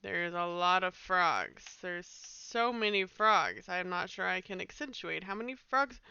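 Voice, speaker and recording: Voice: mid-range voice, unhurried, vocal fry, pushed and bright, clean tone, muffled recording. A game streamer rambling through a live let's play, reading game text and trailing off in self-mocking asides.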